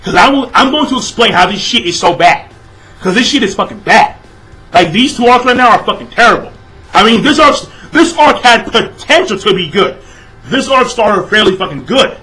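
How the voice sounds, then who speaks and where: Ranting young man with bright voice. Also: high-pitched, lively intonation, moderate pace, faint music behind, poor audio. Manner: exasperated, profane, repeats phrases, shouts in bursts. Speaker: manga reviewer. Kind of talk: ranting manga review vlog.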